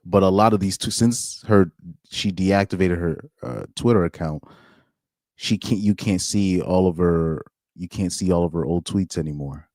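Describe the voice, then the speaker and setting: Reading posts aloud for casual reaction commentary, a young streamer speaks in a deep, low, slightly mellow voice at normal speed. He interrupts himself with incredulous asides and restarts he doesn't finish. The sound is close, dry, and echo-free.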